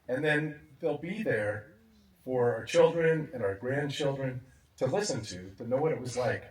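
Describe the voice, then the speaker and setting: Reflective man speaking at a memorial. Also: medium pitch. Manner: warm, reflective, chuckling now and then. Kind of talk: memorial remembrance speech. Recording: echoey sound from a distant mic.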